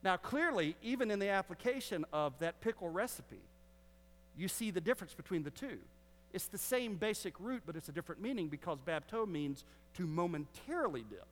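A man preaching a sermon as a Baptist pastor, teaching with joking asides to the congregation. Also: high voice. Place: church sanctuary. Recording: long hall reverb.

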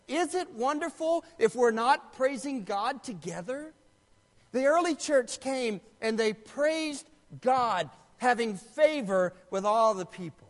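A man's voice: very high-pitched, in a large hall. A man preaching a sermon as pastor, emphatic and asking questions of the congregation.

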